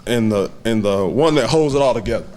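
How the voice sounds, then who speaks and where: A man in his twenties giving a heartfelt, halting acceptance speech to a banquet audience, with many fillers. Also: mid-range voice, animated, a little mellow. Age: 20s. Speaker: hall of fame inductee giving a speech.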